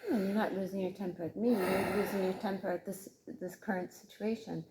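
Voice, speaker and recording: A woman co-hosting a podcast who answers calmly and reassuringly, repeating her phrases. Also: medium pitch, fairly quick, noisy background. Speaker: podcast co-host. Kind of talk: casual conversation.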